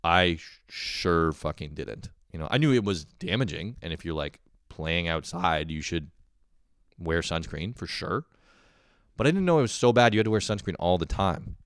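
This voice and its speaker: A man's voice: low voice, animated, moderate pace, fairly bright tone, dry recording, clean studio sound. A young man hosting a podcast, ranting casually and mocking himself with lots of swearing. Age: young adult. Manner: profane, self-mocking rants with mock-outraged voices. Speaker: podcast host. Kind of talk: casual comedic monologue.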